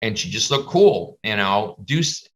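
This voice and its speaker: A man's voice: fairly low pitch, big pitch swings, unhurried. A man teaching a class over a video call, chatty and full of stories. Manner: chatty, storytelling, slips into comic voices. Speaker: face painting instructor.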